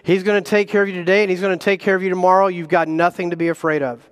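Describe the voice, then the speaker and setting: A man preaching a sermon as a guest pastor, animated and self-deprecating, with chuckles between points. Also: sits high, racing, clean tone, big-room sound. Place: church sanctuary.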